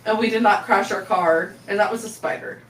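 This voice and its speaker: A woman co-hosting a casual podcast chat, telling stories with loud, animated impressions. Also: mid-range voice, brisk, recorded from a distance, a little hiss or hum. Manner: animated storyteller, shrieking impressions. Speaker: podcast co-host. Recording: roomy, off-mic sound with faint ambience.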